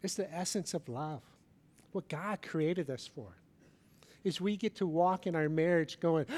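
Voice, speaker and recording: A middle-aged man preaching a sermon, telling a personal story with swings between loud emphasis and soft, hushed moments. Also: fairly high pitch, measured pace, long reverb tail. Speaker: pastor. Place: large church hall.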